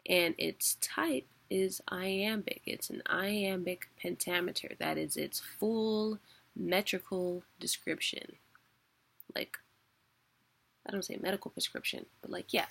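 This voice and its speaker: Casting note: young woman, casual online teacher, gravelly low voice, unhurried. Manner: relaxed, chatty, laughs often, fillers like "like" and "um". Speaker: teacher of a weekly online class. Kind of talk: casual spoken lesson.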